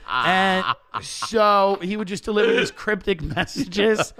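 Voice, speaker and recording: A man telling comedic stories in a casual podcast chat, animated and rapid-fire, acting out the people in his stories. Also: high-pitched, gravelly. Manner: animated, rapid-fire rants, acts out characters in quotes. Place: podcast studio.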